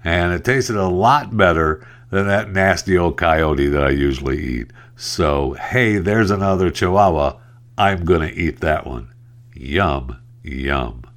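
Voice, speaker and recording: Deep-voiced guy doing a smug old cougar drawling slow about eating, very low and rumbly. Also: fairly bright tone. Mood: greedy. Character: hungry old male cougar, greedy and smug.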